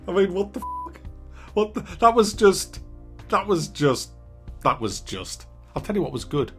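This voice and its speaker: A man giving a casual, exasperated, sweary video review rant. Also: mid-range voice. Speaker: game reviewer.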